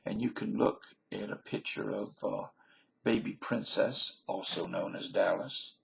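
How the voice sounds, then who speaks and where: A man's voice: on the low side, fairly even intonation, unhurried, gravelly, a bit bright, a little hiss or hum. A Canadian-born man with a Southern US accent, talking to the camera in a folksy, meandering, self-mocking ramble. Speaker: vlogger. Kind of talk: rambling casual monologue.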